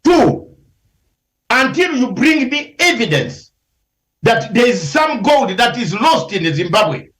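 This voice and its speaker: A man's voice: very high-pitched, big pitch swings, takes it slowly, fairly bright tone, roomy sound, rough recording. A man, a lawyer, arguing combatively in a heated news interview, firing rhetorical questions and raising his voice at times.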